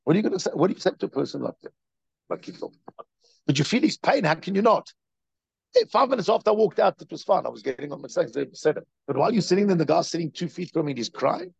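Brief: male rabbi lecturing, husky, lively pitch, dry slightly muffled sound. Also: quick pace, dry recording. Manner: animated, repetitive storytelling with rhetorical questions. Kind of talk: Torah lecture.

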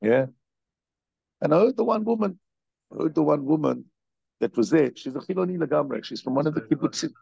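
Brief: male rabbi lecturing, husky, lively pitch, dry slightly muffled sound. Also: brisk, long pauses, no room sound. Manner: animated, repetitive storytelling with rhetorical questions. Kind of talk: Torah lecture.

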